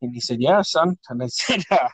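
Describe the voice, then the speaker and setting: A man's voice: medium pitch, animated, fast talker, slightly rough, no room sound. A middle-aged man hosting a podcast, telling stories about his childhood, laughing often, swearing and acting out the voices of the people in them. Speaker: podcast host. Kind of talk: casual family storytelling.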